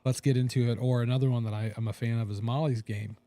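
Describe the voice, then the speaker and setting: A man's voice: medium pitch, fairly even intonation, dark tone. A young adult man co-hosting a podcast, easygoing, chiming in often and swearing casually. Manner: easygoing, lots of quick agreeing and swearing. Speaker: podcast co-host. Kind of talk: casual chat.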